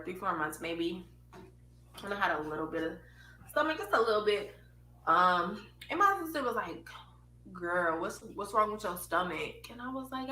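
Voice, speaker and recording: A woman's voice: lowish voice, bright, forceful tone. Young woman telling her own story, super frank, cusses a lot, echoey room with a faint hum. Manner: frank and casual, swears a lot, laughs while telling. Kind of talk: personal storytelling.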